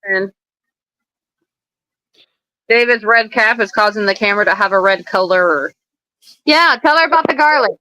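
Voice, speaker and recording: Bright-voiced woman reading out chat comments. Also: medium pitch, normal speed, pauses often, no room sound, rough recording. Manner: chatty, reassuring, relays viewer comments. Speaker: livestream co-host reading comments. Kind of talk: casual livestream chat.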